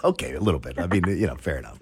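A Florida morning radio host with a bass voice talks rapid-fire and expressively to callers. He jokes, teases, and laughs easily throughout the casual chat.

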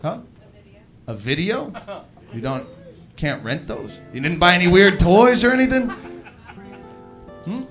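A man's voice: high voice, very animated, measured pace, long pauses, a bit bright, soft background music. A man doing crowd work in a stand-up set, teasing audience members and telling a rowdy story. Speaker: stand-up comedian.

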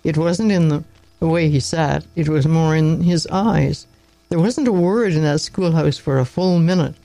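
Man reading a story aloud, slightly high. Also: normal speed, creaky, dry recording, faint music behind, rough recording. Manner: steady reading with occasional slips and restarts. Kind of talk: storybook narration read aloud.

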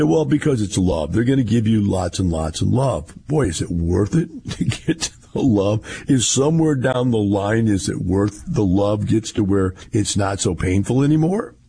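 Deep, very raspy man. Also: darkish tone. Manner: rambling, folksy storytelling with repetitions. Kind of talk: casual monologue.

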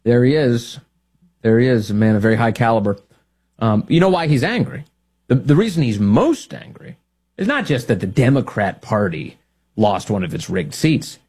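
A man's voice: medium pitch, sing-song, moderate pace, a little mellow, husky. A man hosting a talk radio show, delivering sarcastic political commentary and laughing at his own jokes. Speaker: radio host.

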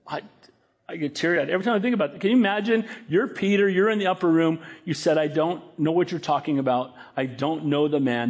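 A middle-aged man preaching a sermon, animated, acting out quoted lines in a raised voice. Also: on the high side. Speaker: pastor.

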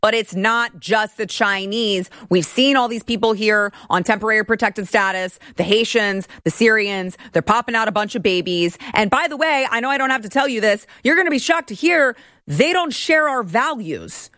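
A woman's voice: fairly high pitch, moderate pace, bright, forceful tone, no room sound, clean studio sound. A woman in her thirties hosting a political commentary show, talking in an indignant, ranting way.

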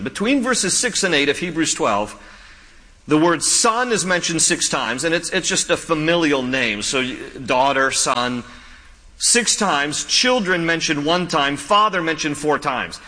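A man preaching a sermon as a pastor, repeating his key points and telling stories with animated, lively delivery. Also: on the high side. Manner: animated storytelling with laughs and quoted voices. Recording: long hall reverb.

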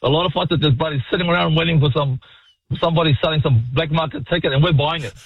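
A New man calling into a sports radio show, excitable, swearing freely and calling everyone mate. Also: on the high side, quick pace, husky. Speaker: caller. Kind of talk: radio call-in. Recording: muffled phone-in line.

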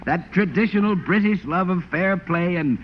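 A man in 1940s radio comedy as the show's announcer, brash, booming and salesman-like. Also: normal speed. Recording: muffled old radio broadcast with hiss.

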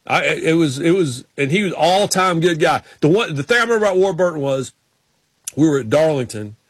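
A man hosting a casual chat tells rambling stories, restarting his sentences again and again. His voice is on the high side and breathy-edged, brisk with lively intonation, and there's no room sound.

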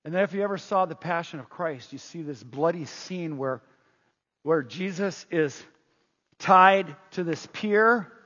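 Husky high-voiced guy preaching, lots of rhetorical questions, muffled echoey hall. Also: unhurried. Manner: animated, rhetorical questions, acts out quotes. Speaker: pastor. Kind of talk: sermon. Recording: echoey hall, dull lo-fi sound.

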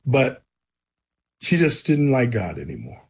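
Husky man telling his story. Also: mid-range voice, huge pitch swings, a little slow. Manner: storytelling, earnest and emphatic. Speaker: guest. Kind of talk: personal testimony in conversation.

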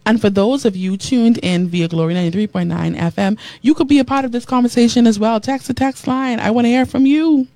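A woman radio host preaching to listeners in a lively, repetitive style, reading out their texted comments. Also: on the high side, brisk, few pauses, no echo. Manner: animated preacherly delivery, repeating phrases, reading comments aloud. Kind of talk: preaching talk show with listener texts.

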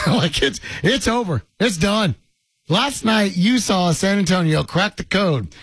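Sarcastic husky radio host, lively pitch. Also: male voice, a little slow, dry recording. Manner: sarcastic, teasing, grumbling. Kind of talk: sports radio banter. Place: radio studio.

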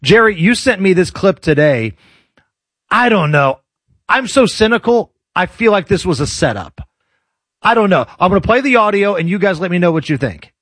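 A man with a high, light voice hosts a radio talk show in casual banter. His delivery is sardonic and joking. The sound is dry and close in a studio. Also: big pitch swings, moderate pace, a bit bright, no echo.

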